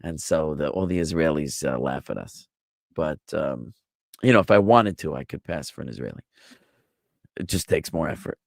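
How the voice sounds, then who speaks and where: A man's voice: extremely low pitch, expressive, normal speed, creaky, no room sound, clean studio sound. An American man, a rabbi, teaching a live online Bible class, explaining patiently and answering questions from the chat. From United States.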